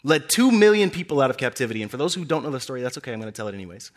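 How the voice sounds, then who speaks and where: A young man preaching a sermon, telling scripture stories with animated delivery and acting out the characters' lines. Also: racing. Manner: animated storytelling, acting out characters with big pitch swings.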